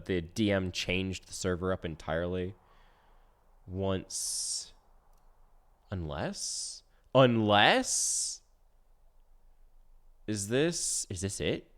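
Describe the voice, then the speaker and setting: A man streaming a game live, talking casually in a rambling, self-interrupting way full of restarts, swinging from soft mumbles to loud outbursts. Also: low voice. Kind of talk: casual live-stream chat while gaming.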